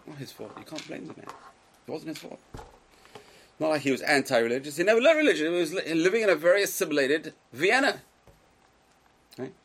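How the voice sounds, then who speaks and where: A man giving a Torah lecture to a live class, speaking emphatically, swinging between loud exclamations and quiet asides, and putting questions to his listeners. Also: a little high, animated, a little fast, long pauses, rough recording. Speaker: Torah teacher.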